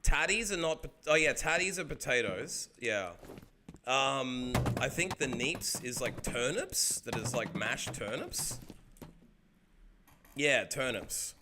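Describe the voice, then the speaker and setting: An Australian man streaming a game, chatting casually with viewers in an excitable, rambling way and swearing freely. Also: medium pitch, slow pace, noisy background. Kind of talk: casual chat while gaming.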